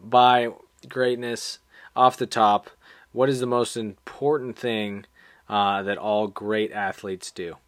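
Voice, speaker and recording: A man's voice: fairly low pitch, slow, no room sound. A man hosting a podcast in a studio, talking casually and laughing easily. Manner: relaxed, laughs easily, uses fillers. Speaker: podcast host. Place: small studio.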